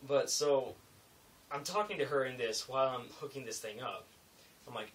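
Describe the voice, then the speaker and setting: A young man telling a rambling, animated story in a casual vlog, full of asides and self-corrections. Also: mid-range voice, moderate pace, far from the mic, poor audio. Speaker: vlogger.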